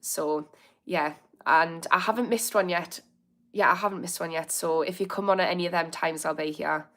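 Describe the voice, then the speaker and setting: A woman's voice: on the low side, fairly even intonation, moderate pace, fairly bright tone. A woman in her thirties with a Birmingham accent, chatting casually on a livestream as she reads out comments, laughing often and reacting with amused indignation. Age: 30s. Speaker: recovery coach hosting a livestream.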